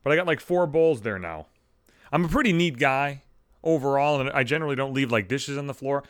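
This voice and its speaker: A man's voice: medium pitch, brisk, smooth, dry recording, studio quality. A young man delivering a profane comedic rant, exasperated and swearing constantly, recorded at home on a microphone. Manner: heavy swearing, exasperated ranting. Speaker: comedic monologue host. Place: home room. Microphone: studio microphone.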